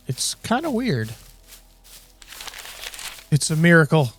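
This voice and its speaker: A man giving casual gameplay commentary, rambling and joking with lots of fillers. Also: mid-range voice. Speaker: game video creator.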